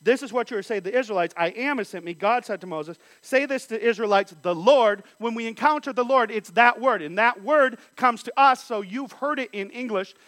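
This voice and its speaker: A man's voice: extremely high pitch, a little fast, hardly any pauses, fairly bright tone, dry recording. A man teaching a Bible study, reading scripture passages aloud and then explaining them.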